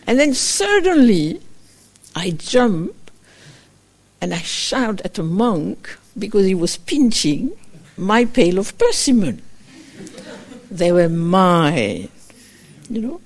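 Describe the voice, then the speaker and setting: Gentle woman giving a dharma talk. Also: mid-range voice, big pitch swings, takes it slowly. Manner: storytelling, acting out her own inner voice in small quoted asides; gentle, reflective, with frequent fillers like "kind of". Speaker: meditation teacher. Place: meditation retreat center.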